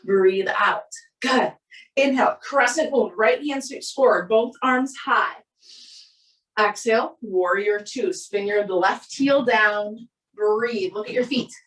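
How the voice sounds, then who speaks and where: A woman with a Minnesota accent, a yoga instructor giving calm, steady, breath-paced cues through a class. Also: fairly high pitch, slow. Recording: roomy echo, voice from a distance.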